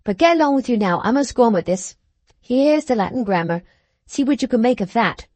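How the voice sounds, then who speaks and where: A woman's voice: on the high side, animated, brisk, darkish tone, no room sound. A woman reading the part of a boastful, teasing young boy in an audiobook, speaking with a superior air.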